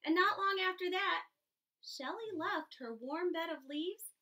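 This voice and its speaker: A woman reading a children's picture book aloud, giving each animal its own expressive voice. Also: very high-pitched, unhurried. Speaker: storybook reader. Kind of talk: children's story read-aloud.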